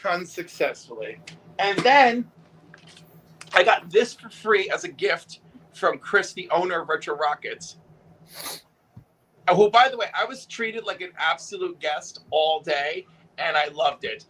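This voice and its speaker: Male host, high bright voice, animated, cheeky comic-book talk. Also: unhurried, pauses often, a little hiss or hum, low-quality recording. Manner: animated, profane, joking storyteller. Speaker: host showing comic books. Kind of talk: casual chat. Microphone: video call.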